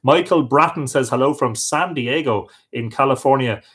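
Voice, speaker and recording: A man's voice: medium pitch, moderate pace, a bit bright. An Irish man hosting a live stream, chatting casually as he reads out and answers viewer comments, with frequent hesitations. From Ireland. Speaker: livestream host.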